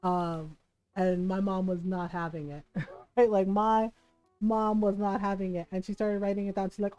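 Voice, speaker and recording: A woman streamer chatting casually, telling a family story in an animated way and giggling often. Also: mid-range voice, unhurried, no room sound, faint music behind, low-quality recording. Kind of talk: casual chat while gaming.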